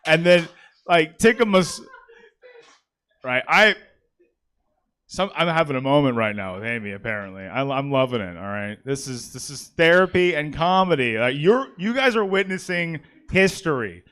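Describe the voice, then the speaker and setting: A man's voice: on the high side, very animated, normal speed, fairly bright tone, clear, resonant tone. A man doing a stand-up set on a comedy stage, rambling and self-mocking, checking in with the crowd often. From California. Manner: rambling, self-mocking, frequent "all right?". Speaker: stand-up comic and emcee.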